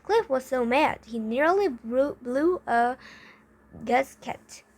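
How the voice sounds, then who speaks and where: A woman's voice: sits high, lively intonation, slow, low-quality recording. A woman reading a children's story aloud, carefully, with frequent slips and restarts. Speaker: reader.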